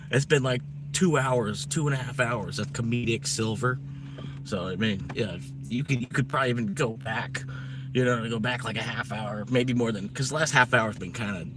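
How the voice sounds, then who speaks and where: A man's voice: mid-range voice, normal speed, background noise. A man chatting casually on a live stream, rambling in a laid-back way.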